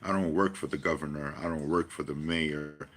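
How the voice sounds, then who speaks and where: A man's voice: very deep voice, fairly even intonation, normal speed, a bit bright. A man giving a rambling personal monologue, emphatic and profane, full of rhetorical questions. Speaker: vlogger.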